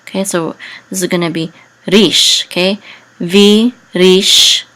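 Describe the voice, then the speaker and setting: A woman teaching Hebrew reading and chant in a casual, halting way, with many fillers, breaking into a higher sung tone for the words. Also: flat delivery, fairly bright tone.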